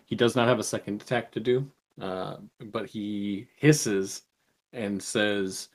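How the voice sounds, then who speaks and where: Slow, low-voiced man running the game. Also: steady tone. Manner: measured, explains rules with fillers. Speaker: game master.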